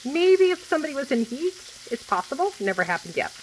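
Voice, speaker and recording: A woman in her forties venting in a casual monologue, blunt and quick to swear, repeating herself for emphasis. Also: high voice, sing-song, low-quality recording. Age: 40s. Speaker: vlogger. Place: home kitchen while food cooks. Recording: faint frying noise behind. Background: food sizzling in a pan.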